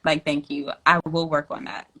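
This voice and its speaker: Woman, livestream host, casual slangy chat, playful, laughs a lot, sharp bright tone. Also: low-pitched, little pitch movement, moderate pace. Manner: laughs often, slangy and playful, reads out viewer comments.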